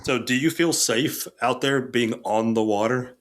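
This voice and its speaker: A man hosting a podcast, asking his guest measured, plain questions. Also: medium pitch. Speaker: podcast host. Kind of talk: interview questions.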